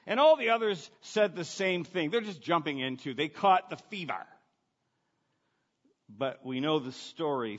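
A male pastor delivers an unhurried, conversational sermon, pressing his points with rhetorical questions. His voice carries a long reverb, as if it fills a large hall. The recording itself is a little dull. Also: medium pitch, a bit bright.

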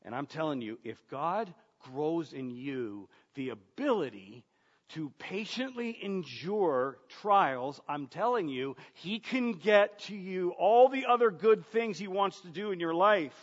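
Earnest pastor preaching in a reverberant hall. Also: male voice, high voice, expressive, measured pace. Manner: earnest, rhetorical questions, repeats words. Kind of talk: sermon. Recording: dull sound, long reverb of a large room.

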